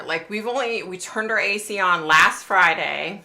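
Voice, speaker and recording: A middle-aged woman chats with her livestream viewers in a loose, rambling way, swearing freely and dropping "like" everywhere. Her voice sits low with a gravelly fry and a bright, sharp edge. The sound bounces around an echoey room. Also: normal speed. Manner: rambling, chatty, swears freely, peppers speech with "like". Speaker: psychic livestream host. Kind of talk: casual livestream chat with viewers.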